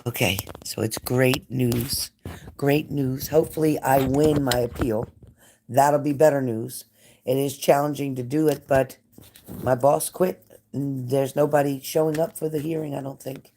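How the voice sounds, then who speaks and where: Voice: mid-range voice, steady tone, a little slow, warm tone, a little hiss or hum. Chatty, fervent live-stream psychic reader. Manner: chatty, repeats phrases, talks straight to viewers by name. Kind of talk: casual live-stream reading.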